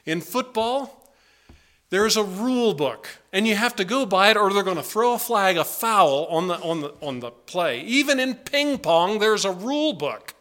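Standing before his congregation in the church sanctuary, this pastor delivers an earnest, pleading sermon full of emphatic swings. His voice sits high and sounds a bit bright.

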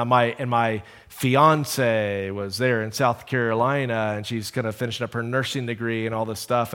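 A middle-aged man preaching a sermon, telling stories and moving from hushed asides to emphatic calls. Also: medium pitch, big-room sound. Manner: storytelling, shifts from hushed to emphatic.

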